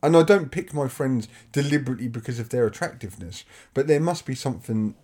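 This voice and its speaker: Casting note: male podcast co-host, animated pitch, rambling, self-correcting, laughs a lot. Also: fast. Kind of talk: casual chat.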